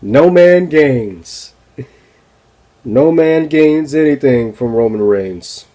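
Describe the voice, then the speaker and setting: A man's voice: medium pitch, mellow. A man hosting a wrestling review podcast, ranting casually and profanely with frequent laughs. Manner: profane, exasperated, laughs often.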